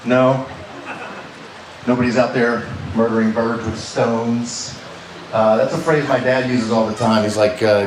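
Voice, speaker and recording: Far from the mic, a man with a mid-range voice speaks a bit slowly and with fairly level intonation as he does stand-up at a comedy club. He talks casually with the audience, leaning on "right?" often, in a roomy venue with faint background noise.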